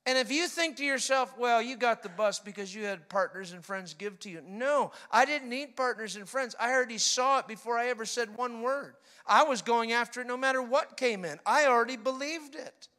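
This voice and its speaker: A middle-aged male preacher giving a sermon, telling animated stories and mimicking people's laughter. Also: extremely high pitch, a little fast, few pauses.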